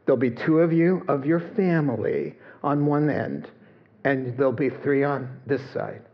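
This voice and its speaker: A man's voice: medium pitch, animated, measured pace. Guy preaching, casual storyteller vibe, does little voices, kinda muffled audio. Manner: conversational, storytelling with quoted voices and chuckles. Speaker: pastor. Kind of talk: sermon.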